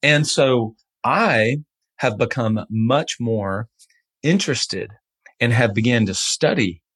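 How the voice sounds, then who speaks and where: A man's voice: on the low side, a bit bright, husky, dry recording. A man hosting a podcast interview, talking. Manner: conversational, reads ad copy briskly. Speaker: podcast host.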